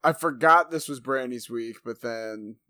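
A man's voice: medium pitch, a little slow, pushed and bright, no echo. A man co-hosting a podcast, chatting bluntly and casually about a show. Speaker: podcast co-host. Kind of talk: casual chat.

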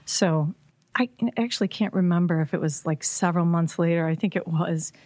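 A woman guest in a casual chat, telling a personal story in an animated way with frequent laughs. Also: fairly low pitch, fairly quick, no echo. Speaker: podcast guest.

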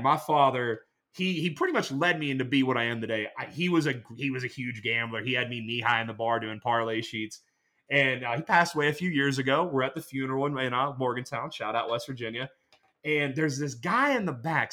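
Dude talking fast on a podcast, sharp bright voice, rambles through stories. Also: male voice, medium pitch. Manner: animated, rambling storyteller. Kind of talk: casual podcast chat.

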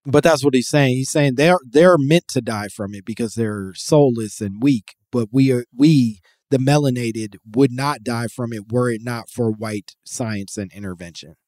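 A man's voice: medium pitch, normal speed, few pauses, a little mellow, dry recording, studio quality. Rambling man hosting a podcast. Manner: rambling, explains with many fillers and restarts. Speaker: podcast host. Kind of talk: casual podcast chat.

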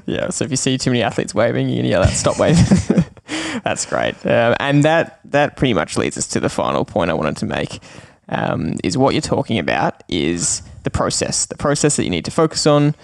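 Lively, gravelly podcast host. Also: male voice, medium pitch, no room sound, studio quality. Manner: laughs often, agreeable, quick affirmations. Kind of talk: interviewing a guest.

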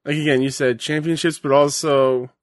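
A man chatting casually while watching wrestling, relaxed and hesitant with many fillers. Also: fairly high pitch, normal speed, no echo, clean studio sound. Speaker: co-commentator.

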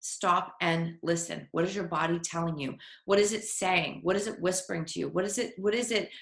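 A woman's voice: lowish voice, brisk, gravelly. A woman giving an earnest, encouraging motivational talk as a life coach, sometimes voicing an inner voice. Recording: echoey room.

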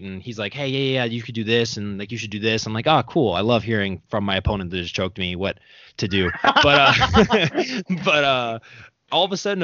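A man's voice: mid-range voice, fairly bright tone, no echo. A young man, a podcast host, telling stories in loose casual chat and laughing often between his fillers. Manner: rambling storyteller, laughing often, full of fillers. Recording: dull, dry sound.

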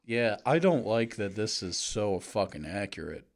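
Podcast co-host, man, low-ish voice, sarcastic and profane, laughs easily. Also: big pitch swings, measured pace. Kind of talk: casual chat.

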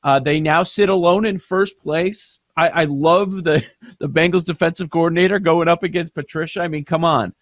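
A man's voice: fairly high pitch, steady tone, moderate pace, fairly bright tone, dry recording. Analytical male sports betting host. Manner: analytical, questioning. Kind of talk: casual sports betting chat.

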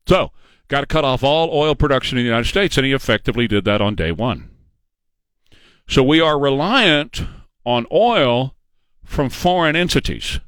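A man's voice: medium pitch, a bit bright, dry recording. A man giving an opinionated political monologue, emphatic and sarcastic, repeating phrases for effect. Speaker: political commentator.

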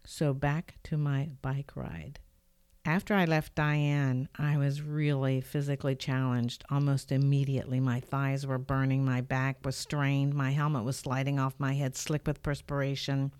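An older podcast host records from her home studio on a studio microphone, her extremely low voice smooth and unhurried in a dry recording. Sharing a personal story, she sounds earnest and reflective, becoming lively whenever she retells events.

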